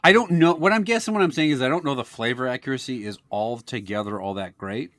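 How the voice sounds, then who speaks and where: A man's voice: quick pace, dry recording, clean studio sound. A man from Wisconsin, co-hosting a casual snack-tasting podcast and telling rambling, crude, comic stories. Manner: rambling storyteller, crude jokes, lively pitch. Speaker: podcast co-host, snack taster. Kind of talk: casual comedic chat.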